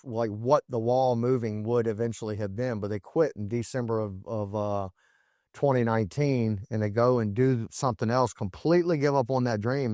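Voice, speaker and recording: A man's voice: medium pitch, dry recording, studio quality. A man in his forties hosting a solo podcast, talking emphatically with frequent restarts and repeated words. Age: 40s. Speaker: podcast host.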